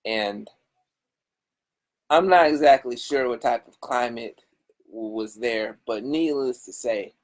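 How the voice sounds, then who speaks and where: A man speaking as a guest on a casual podcast, talking in a hesitant and measured way with many fillers. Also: medium pitch, rough recording.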